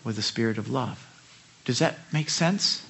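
Bright-voiced animated male pastor. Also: mid-range voice, a little slow, gravelly, a little hiss or hum. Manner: animated, candid, self-deprecating, swinging loud to soft. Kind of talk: sermon preaching.

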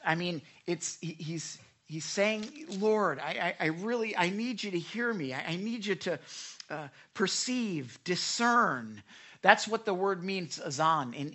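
This is a conversational sermon from a medium-pitched pastor who is earnest and repetitive. Now and then he stops to perform prayers aloud, whether in a whisper or a loud cry.

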